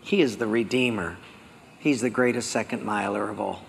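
A male pastor preaching a sermon, telling stories with lively acted-out dialogue. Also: lowish voice, normal speed, gravelly. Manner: animated storytelling, acting out dialogue. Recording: long hall reverb.

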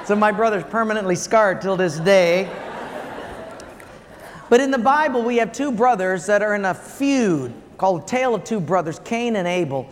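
An older pastor with a fairly high voice preaches with lively, laughing storytelling. His words carry a long reverb, as from a large hall. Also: moderate pace, slight background noise. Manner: animated storyteller, laughing through anecdotes. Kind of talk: sermon with comic storytelling.

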